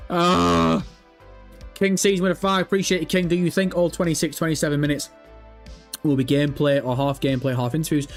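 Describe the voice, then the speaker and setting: A young man hosting a live stream, chatting casually and excitedly, swearing often and nervous. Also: a little high. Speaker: livestream host.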